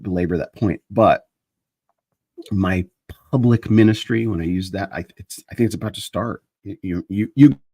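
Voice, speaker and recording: A man with a low, husky voice holds forth on a live stream, wandering from one thought to the next and restarting his sentences. He holds his own microphone. The sound is dry and close, with no room around it. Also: normal speed, a little mellow, no echo. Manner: meandering, self-interrupting, restarts sentences. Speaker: host of a live chat stream. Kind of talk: rambling casual monologue. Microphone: handheld microphone he moves around.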